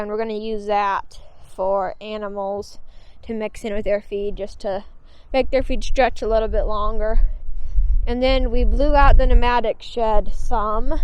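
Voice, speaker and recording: A woman's voice: fairly high pitch, smooth, no room sound, poor audio. Chatty woman vlogging outdoors on a farm. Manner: chatty, plain-spoken, friendly explaining. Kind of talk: casual vlog narration.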